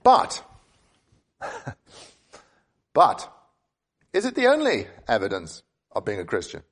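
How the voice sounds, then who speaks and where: A man preaching an expository sermon, earnest, often restarting and repeating words as he thinks aloud, with sudden upward jumps of pitch for emphasis. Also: huge pitch swings, slow pace, fairly bright tone, husky.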